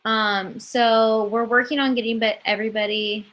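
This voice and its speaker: A woman leading a casual training call for new models, talking in a slow and chatty way with many ums and calling her listeners guys. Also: on the high side, fairly even intonation, dull audio.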